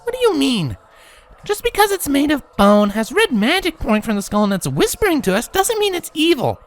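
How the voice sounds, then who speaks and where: A man's voice: extremely high pitch, wildly swooping pitch, a little fast, pitched above the performer's own voice, heavily acted. A man voicing a carefree young female pony who talks in an airy, unbothered way. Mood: breezy.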